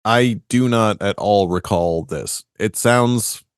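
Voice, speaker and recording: Laughing man, dry low voice. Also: slow pace, smooth, no room sound. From Boston area. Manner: laughs often, loose and joking. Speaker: podcast co-host. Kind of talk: casual chat and story retelling.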